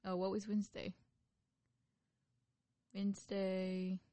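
A woman co-hosting a casual podcast with her husband, animated and argumentative, mimicking him as she retells their exchanges. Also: mid-range voice, takes it slowly, dry recording. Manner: animated, argumentative, quotes others in mimicking voices. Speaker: podcast co-host. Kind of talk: casual couple banter.

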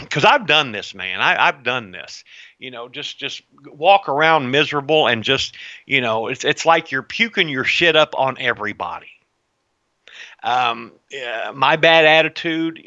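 A man's voice: medium pitch, bright, forceful tone, no echo. A man co-hosting a podcast in casual chat, rambling, self-mocking and swearing freely. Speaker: podcast co-host. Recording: dull, lo-fi sound.

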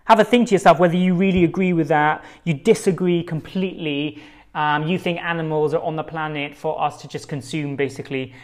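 A man's voice: fairly high pitch, steady tone, a little fast. A man hosting a solo podcast, talking casually into his own microphone in a rambling, conversational way with lots of fillers. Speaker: podcast host.

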